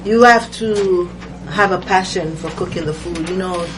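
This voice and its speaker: A woman chef with a Jamaican accent, talking in a relaxed, halting way with many fillers in a casual interview. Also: on the low side. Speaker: chef and guest. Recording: distant mic with noisy background.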